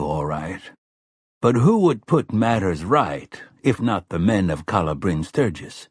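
Husky male audiobook narrator. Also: low voice, dry recording, studio quality. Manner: measured, even storytelling.

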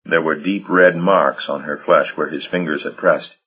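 A man narrating an audiobook in a measured, dramatic storytelling manner. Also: very deep voice, fairly even intonation, a bit bright, husky. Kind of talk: scripted narration. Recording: dull lo-fi audio.

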